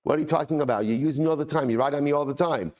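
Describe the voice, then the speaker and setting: A man's voice: fairly high pitch, very fast, a little mellow, voice pushed up, natural voice. A man doing an indignant talking she-donkey. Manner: exasperated, repeating herself.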